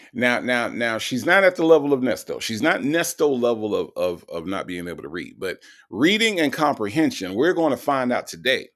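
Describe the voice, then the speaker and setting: A man with a low, fry-laced voice hosts a casual live show, reading viewer comments aloud. He talks in a drawling, teasing way, repeating phrases, and his pitch swings widely. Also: a bit bright. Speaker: host. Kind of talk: livestream commentary reading chat.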